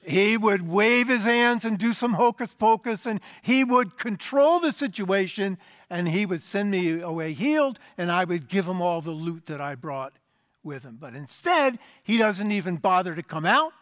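A preacher acting out a scornful proud commander. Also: male voice, high-pitched, lively intonation, normal speed, fairly bright tone, no room sound, studio quality. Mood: indignant. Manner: scornful, complaining. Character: proud indignant foreign army commander, man.

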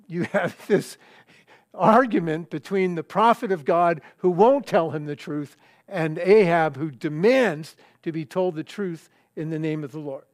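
An older man preaching a sermon, reading scripture and telling a story in a halting, conversational way with fillers and restarts. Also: a little high, dry recording, clean studio sound.

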